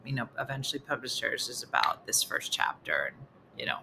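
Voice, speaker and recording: Lively, bright-voiced woman telling a story. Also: a bass voice, a little fast, creaky, slight background noise. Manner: animated, laughs often while telling the story. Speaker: morning show host. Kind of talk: casual comedic storytelling.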